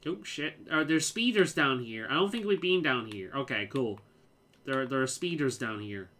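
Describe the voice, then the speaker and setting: A streamer from the Liverpool area gives loose, rambling let's-play commentary, swearing freely and talking through opinions between moves. The voice is bright and forward and sits at an ordinary pitch. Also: lively intonation, normal speed.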